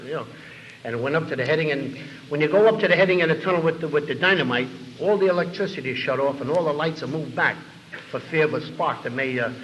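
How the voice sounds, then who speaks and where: An older man recounts his own recovery to an audience, rambling with repeated words and fillers and acting out the dialogue. His voice is medium-pitched with a fairly bright tone. The hall is echoey, carrying faint room noise.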